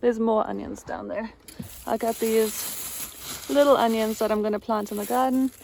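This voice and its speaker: A woman's voice: fairly high pitch, fairly even intonation, normal speed, creaky, darkish tone, a little hiss or hum. A woman chatting casually through a vlog, talking her camera through her garden, and baby-talking to her pets. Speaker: vlogger. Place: outdoors at a rural house and garden.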